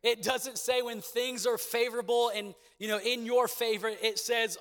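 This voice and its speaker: A man's voice: very high voice, steady tone, moderate pace, a bit bright. A young man preaching a sermon in a church and calling for responses from the congregation. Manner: preaching with call-and-response, repeated catchphrases. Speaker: pastor. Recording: long echo of a big hall.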